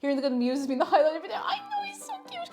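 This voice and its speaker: Chatty woman, lively high voice. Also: rapid-fire, over music. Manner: chatty and playful, coos in baby talk to a cat. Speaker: streamer. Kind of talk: casual livestream chat while baking. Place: home kitchen.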